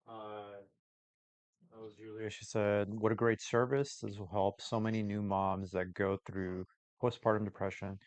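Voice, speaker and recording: A man's voice: fairly low pitch, flat delivery, a little slow, no room sound. A man assisting at a live session, reading viewer comments aloud in a plain, hesitant way.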